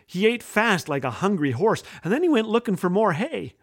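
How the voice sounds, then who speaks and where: A man's voice: high-pitched, big pitch swings, normal speed, fairly bright tone. A man hosting a humor show, reading his own children's story aloud with a playful, jokey delivery. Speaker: host and storyteller.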